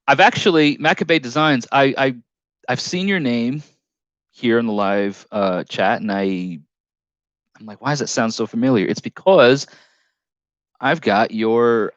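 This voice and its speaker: A man's voice: medium pitch, a bit bright, clean tone, no echo, highs cut off. A man hosting a casual live stream, reading chat comments aloud in a rambling, jokey way with frequent restarts.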